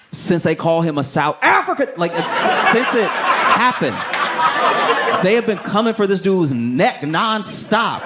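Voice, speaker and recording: A man doing a stand-up comedy set, talking casually and rambling with many asides. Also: a little high. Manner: conversational, rambling, with frequent asides.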